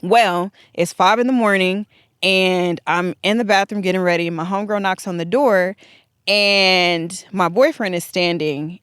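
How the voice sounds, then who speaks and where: A woman with a fairly low voice tells a long personal story in a casual, animated way. She acts out the back-and-forth dialogue as she goes, and her voice sounds close and dry. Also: measured pace, clean tone, dry recording.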